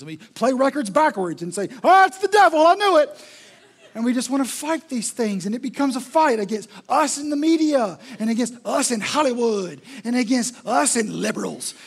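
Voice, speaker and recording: High-voiced husky male preacher. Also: animated, a little fast, hardly any pauses. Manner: emphatic, repetitive, rhetorical preaching. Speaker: pastor. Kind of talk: sermon.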